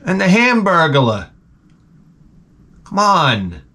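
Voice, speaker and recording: Animated New man ranting. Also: sits high, drawn-out words, breathy edge. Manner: rambling, profane, animated ranting. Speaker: host. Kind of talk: comedic monologue.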